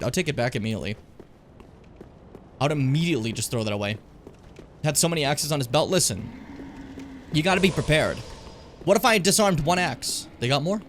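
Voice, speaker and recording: A man's voice: fairly high pitch, expressive, fairly quick, long pauses, fairly bright tone, slight background noise. A young man from Edmonton, Canada, rambling and joking as he plays a video game, swearing often. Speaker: streamer. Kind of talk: casual gameplay commentary.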